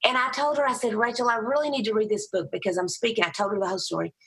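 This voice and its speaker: A middle-aged woman with a heavy Southern accent, a Christian motivational speaker telling lively stories as a podcast guest. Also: racing. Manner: animated storyteller, raises her voice high for quoted people. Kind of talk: storytelling interview answer.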